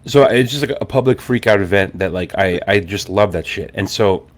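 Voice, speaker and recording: Low-voiced man telling a story casually. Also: brisk. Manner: animated, swearing, acts out quoted people. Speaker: podcast host.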